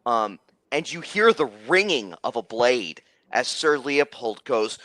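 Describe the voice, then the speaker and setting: A young man narrating as game master, rambling with many halting restarts. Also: medium pitch, big pitch swings, a bit bright, dry recording.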